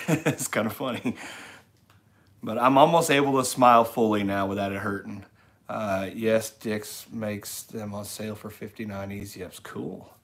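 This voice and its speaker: A middle-aged man with a fairly low voice talks loosely to his livestream viewers. He rambles in an easygoing way and reads their chat messages aloud as they come in. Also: fairly even intonation, measured pace, fairly bright tone. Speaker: livestream host. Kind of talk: casual live-stream chat reading comments.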